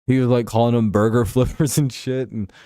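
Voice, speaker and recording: A man's voice: mid-range voice, fairly even intonation, fairly quick, dark tone, no room sound, clean studio sound. A man hosting a casual sports livestream, rambling through profane rants and reading chat. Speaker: sports show host.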